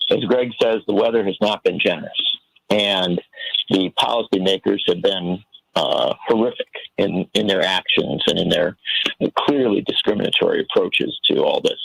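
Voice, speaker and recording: A man's voice: lowish voice, creaky, a bit bright, slightly rough, dry recording, low-quality recording. A man giving earnest, impassioned political commentary as a guest on a talk radio show, telling a story to make his point. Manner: earnest, impassioned, tells stories.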